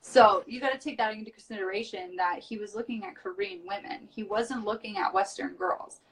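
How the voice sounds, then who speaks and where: A worn-out woman from the United States chats frankly on a live stream, dropping swear words without fuss. She sits a fair way from the mic in a small storage room, so her voice sounds distant. Her pitch stays in an ordinary middle range. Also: brisk, fairly bright tone. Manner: chatty, blunt, swears casually. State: tired. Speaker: reality show cast member as guest. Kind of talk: casual live-stream chat. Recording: voice from far off the mic.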